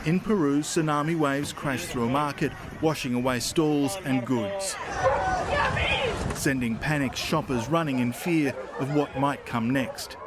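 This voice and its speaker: A man reporting the news in scripted, measured narration. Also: mid-range voice, over a noisy crowd, very noisy. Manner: measured, formal delivery.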